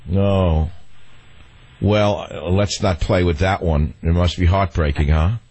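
Older husky man hosting talk radio. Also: low voice, fairly even intonation, slow pace, darkish tone, dull audio. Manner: rambling, wry and joking. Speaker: radio host.

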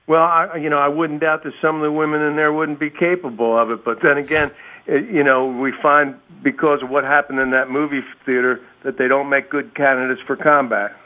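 A man's voice: fairly high pitch, steady tone, fairly quick. A man calling in to a radio show, hesitant and stammering with a folksy manner. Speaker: radio caller. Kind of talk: phone-in call. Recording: tinny phone line.

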